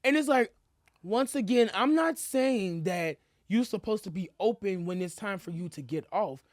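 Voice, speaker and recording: A woman co-host in easygoing conversation, her voice sitting at a middle pitch and sounding dry and close. She tells stories with plenty of back-and-forth and slips into mocking voices for the people she quotes. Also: expressive, normal speed, no echo. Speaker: podcast co-host. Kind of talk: casual chat.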